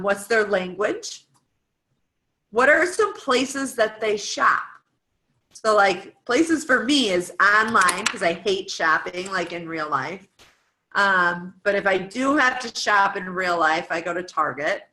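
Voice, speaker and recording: A chatty woman in her thirties from the United States talks through a coaching worksheet, firing off one question after another. Her voice is bright and forward, and her talk is loose and informal, full of "um" and "like". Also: mid-range voice, low-quality recording. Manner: chatty, lots of "um" and "like", asks lists of questions. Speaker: guest speaker coaching fitness coaches.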